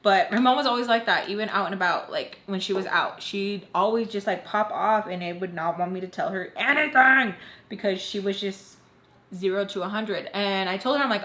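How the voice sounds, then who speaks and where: A young woman tells a personal story to her viewers in a chatty way, leaning heavily on "like" and other fillers and acting out quoted voices. Her medium-pitched voice is brisk and a bit bright, recorded in an echoey room.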